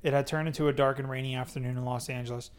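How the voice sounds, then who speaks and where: A man's voice: mid-range voice, fairly even intonation, rapid-fire, clear, resonant tone. A man hosting a podcast, reading a memoir aloud in a casual way and stopping to joke about it. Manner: reads plainly, breaks off to joke. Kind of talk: casual read-aloud with banter.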